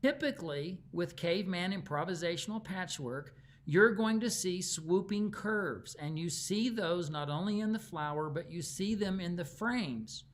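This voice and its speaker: A man with a Texan accent teaching quilting in a live online class. His voice sits high for a man. He talks in a chatty, folksy storytelling way. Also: measured pace.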